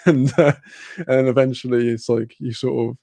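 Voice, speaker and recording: A young man chatting casually on a live stream, laughing often and filling pauses with ums. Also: mid-range voice, fairly even intonation, creaky, warm tone, no echo.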